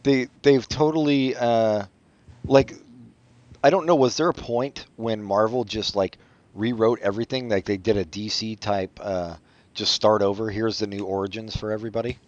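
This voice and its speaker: A man co-hosting a casual podcast chat about comics, rambling and making deadpan jokes, in a dull lo-fi recording. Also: fairly low pitch, moderate pace, no room sound. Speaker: podcast co-host.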